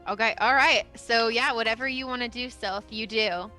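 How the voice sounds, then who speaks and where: Bright-voiced woman game master. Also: fairly high pitch, normal speed, soft background music. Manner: chatty, lots of fillers, laughs often. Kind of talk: narrating a tabletop game.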